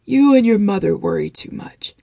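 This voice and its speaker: A woman's voice: on the high side, sing-song, normal speed, gravelly, warm tone, dry recording, studio quality, pitched above the performer's own voice, heavily acted. A woman reading the part of an elderly, bedridden father who waves off his family's worry. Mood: stubborn reassuring.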